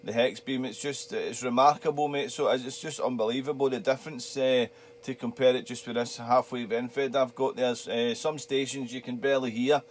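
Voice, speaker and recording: A man's voice: mid-range voice, fairly quick. A middle-aged man with a Scottish accent, chatting casually and rambling a little as a ham radio operator in his home radio shack. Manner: relaxed, chatty, laughs easily, rambling.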